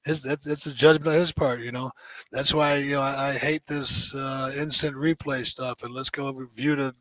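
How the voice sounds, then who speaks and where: A man's voice: medium pitch, fairly even intonation, moderate pace, pushed and bright, poor audio. An older man hosting a casual basketball chat, telling rambling stories that he peppers with "you know.". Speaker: host.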